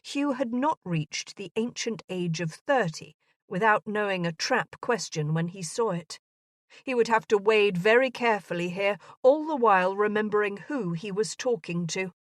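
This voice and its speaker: A woman narrating a historical romance audiobook in a measured, even manner. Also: mid-range voice, dry recording, studio quality.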